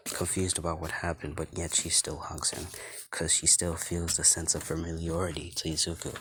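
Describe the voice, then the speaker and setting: A man's voice: low voice, completely flat delivery, moderate pace, fairly bright tone, breathy edge, no room sound. A young man improvising a fan story, narrating casually in long rambling run-on clauses with fillers.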